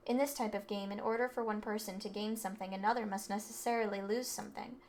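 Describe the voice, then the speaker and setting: A woman reading a calm, analytical teenage girl explaining things in measured tones. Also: medium pitch, natural voice. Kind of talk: reading game dialogue aloud.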